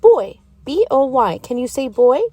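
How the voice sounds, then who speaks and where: A woman's voice: high-pitched, very animated, warm tone, no room sound, highs cut off, exaggerated voice. Madame Gazelle, a woman as a patient gazelle teacher. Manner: slow, sing-song and encouraging, praising often. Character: gentle, patient gazelle schoolteacher, adult female. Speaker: preschool teacher.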